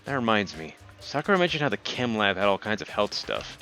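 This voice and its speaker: A man's voice: lowish voice, very animated, brisk, sharp tone, soft background music. A man reading game dialogue aloud during a co-op playthrough, with joking asides. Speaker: let's play host.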